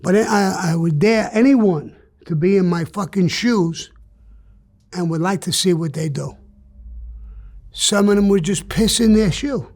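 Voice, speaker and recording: In a candid interview, an older man with a notably high, slightly mellow voice recounts his past. He's blunt and profane, driving points home with emphatic bursts. His pace is measured and he pauses often.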